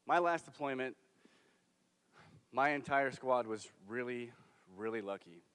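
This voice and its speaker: A man's voice: mid-range voice, a little slow, fairly bright tone, clear, resonant tone. A young man, a military veteran, earnestly telling his own story in a conversational way during a staged performance. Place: theater stage. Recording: long hall reverb from a stage.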